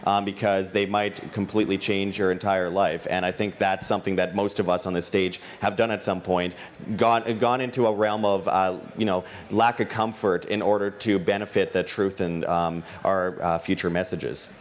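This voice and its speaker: A man's voice: sits low, fairly even intonation, moderate pace. A man on a conference panel, speaking hesitantly with fillers. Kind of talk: panel discussion. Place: conference stage.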